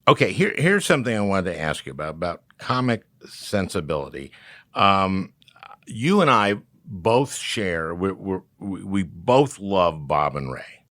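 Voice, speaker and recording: A man's voice: sits low, big pitch swings, unhurried, fairly bright tone, no echo, studio quality. An older man hosting a podcast, chatting casually and telling stories with frequent laughs. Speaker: podcast host. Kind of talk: casual interview chat.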